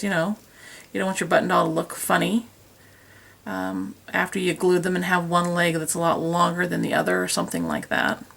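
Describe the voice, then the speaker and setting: Chatty woman with a gravelly low voice. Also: fairly bright tone. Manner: chatty, self-deprecating, talks while working with her hands. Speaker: craft tutorial host. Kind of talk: casual how-to demonstration. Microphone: camera on a tripod.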